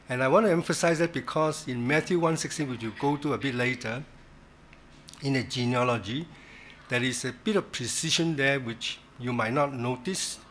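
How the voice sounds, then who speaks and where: Halting man teaching Bible study. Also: mid-range voice, fairly bright tone, a little hiss or hum. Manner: halting, repeats words, stresses key words. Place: church.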